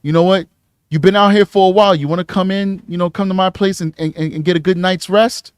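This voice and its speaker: A man voicing a smooth-talking male street predator with a Harlem accent, quietly coaxing and friendly-sounding. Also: high-pitched, fairly even intonation, brisk, no room sound, clean studio sound, close to an everyday voice.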